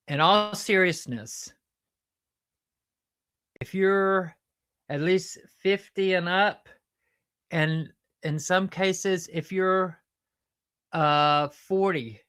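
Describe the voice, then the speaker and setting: A woman's voice: on the low side, a bit bright. A woman with a Southern US accent, hosting a chatty, earnest, self-mocking update. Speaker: host. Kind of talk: casual comedic update.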